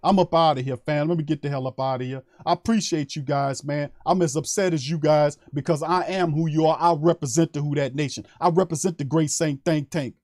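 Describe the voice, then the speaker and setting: A man rants into a close mic on a sports live stream. His voice sits fairly high and sounds dry, with no room echo. He talks in a heated, emphatic, profane way and keeps repeating his points. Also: fairly even intonation, a little fast, few pauses, a little mellow. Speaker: sports podcast host. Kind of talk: fired-up fan rant on a live stream.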